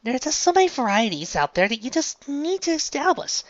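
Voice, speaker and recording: A woman's voice: brisk, dry recording, muffled recording. A woman reviewing an episode in easygoing, chatty talk. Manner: chatty, easygoing, with lively swings in pitch. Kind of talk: casual review chat.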